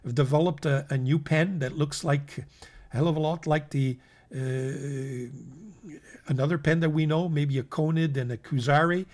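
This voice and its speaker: Man, slightly higher voice, casual rambling host, lots of ums and restarts, talks to viewers as folks. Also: fairly even intonation, moderate pace, a little mellow. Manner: rambling, many fillers and restarts. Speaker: fountain pen channel host. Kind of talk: casual product roundup.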